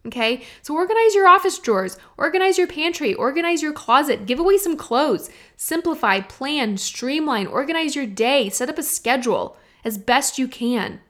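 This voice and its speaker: A woman's voice: high voice, expressive, normal speed, few pauses, fairly bright tone. A young adult woman, hosting a solo podcast in a chatty, earnest way that speaks directly to listeners. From Texas. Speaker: podcast host. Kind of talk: casual solo podcast talk.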